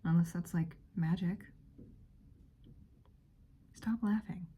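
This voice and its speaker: A woman's voice: on the low side, steady tone, slow, dark tone, husky. A woman whispering in a friendly role-play, giggling and rambling through casual chat as a friend hosting a visit.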